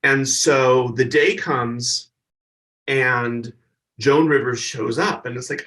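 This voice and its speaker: A man's voice: medium pitch, takes it slowly, far from the mic. A man, a stand-up comedian and guest, telling stories in a casual interview and acting out the people he quotes. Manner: animated storyteller, acts out the people he quotes.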